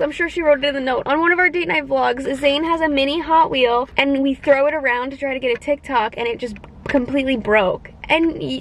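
A young woman in her twenties chatting casually to her viewers as she opens gifts, gushing and gasping with excitement. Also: high-pitched, brisk, gravelly, a little hiss or hum, poor audio. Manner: gushing, excitable, gasps often. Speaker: vlogger. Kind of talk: casual unboxing chat.

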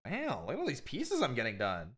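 A woman's voice: a bass voice, wildly swooping pitch, a little fast. A young woman hosting a casual stream, chatty, wry and teasing. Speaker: streamer host.

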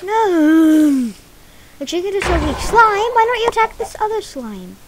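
A woman playing a video game live, excitedly talking to the creatures on screen and crying out when things go wrong. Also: very high voice, unhurried, very noisy. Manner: excitable, talks to game creatures, bursts of cries. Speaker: gamer playing a minigame server. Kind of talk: live gameplay commentary.

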